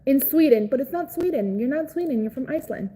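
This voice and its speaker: Give me a chatty Cuban woman livestreaming, outspoken and profane, with a soft, warm tone. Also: sits high, lively intonation, quick pace, rough recording. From Cuba. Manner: chatty, reads and answers viewer comments. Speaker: livestream host. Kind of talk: casual livestream chat.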